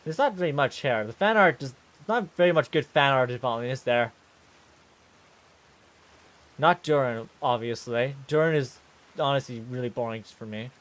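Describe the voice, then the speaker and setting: A man streaming live, talking casually and ranting excitedly in bursts while reacting on screen. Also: medium pitch, moderate pace, long pauses.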